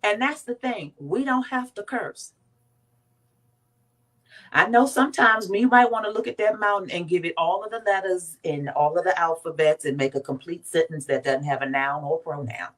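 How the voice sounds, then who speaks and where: A woman's voice: on the low side, moderate pace. Emphatic woman from Washington, D.C. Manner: emphatic, animated storytelling with acted quotes. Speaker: guest. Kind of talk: motivational faith talk.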